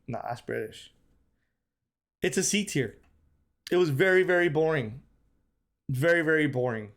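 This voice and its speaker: A man's voice: mid-range voice, unhurried, long pauses. A man streaming live, giving casual, emphatic commentary and repeating his points, often calling the chat "bro".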